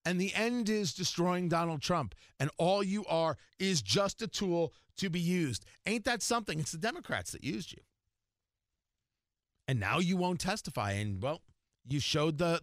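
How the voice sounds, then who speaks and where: A man's voice: high voice, fairly bright tone, no echo, clean studio sound. A man hosting a talk radio show, delivering sarcastic, mocking political commentary.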